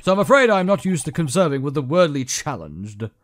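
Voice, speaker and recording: A man voicing an arrogant, wordy male CEO villain in a British accent while playing a game, loud and haughty. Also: on the high side, very animated, fairly quick. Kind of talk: game playthrough voice acting.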